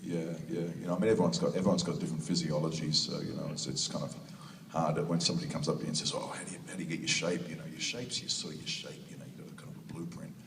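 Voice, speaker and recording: A man with a New Zealand accent and a very deep voice spins laughing, rambling stories with many restarts. He sounds distant, in a long-echoing convention hall with noise around him. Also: level tone, very fast, creaky. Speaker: convention panel guest. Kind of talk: casual storytelling Q&A answer. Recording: echoey hall recorded from far off.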